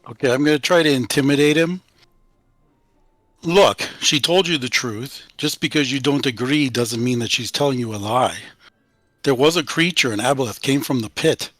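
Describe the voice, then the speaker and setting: A man's voice: medium pitch, fairly bright tone, dry recording. A man taking part in a tabletop game, talking in a pushy, confrontational way. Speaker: player. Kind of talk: in-character tabletop play.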